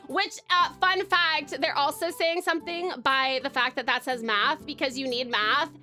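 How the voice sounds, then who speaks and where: A young VTuber from Tasmania, Australia streams live, bubbly and giggly as she greets chatters by name and calls them babes. Her high voice comes out a little slow, pushed and bright, with faint music in the background.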